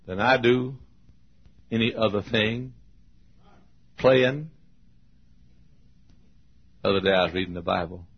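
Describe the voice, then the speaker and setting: A male pastor preaching a sermon with emotional storytelling, swinging from hushed tones to shouts. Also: on the low side, vocal fry, slightly rough. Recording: dull lo-fi sermon recording.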